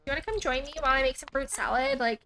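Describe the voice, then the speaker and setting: A woman's voice: high-pitched, very fast, sharp tone. A woman giving chatty let's-play commentary, peppered with "like" and "um". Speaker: gaming YouTuber.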